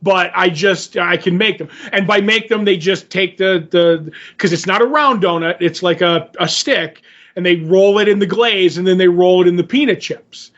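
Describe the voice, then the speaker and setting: A man with a notably high voice tells a meandering story in casual podcast chat, slipping into the lines he and others said. The audio is dull and lo-fi. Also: moderate pace, a bit bright. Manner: rambling anecdote teller, acts out his own quotes. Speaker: podcast co-host.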